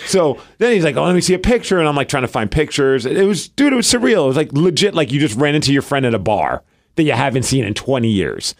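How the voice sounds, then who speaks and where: A man's voice: fairly high pitch, fast. A man in his forties, co-hosting a podcast and telling a story in casual chat, acting out the lines he quotes. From US Pacific Northwest. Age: 40s. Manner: animated storyteller, acts out quotes. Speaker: podcast co-host.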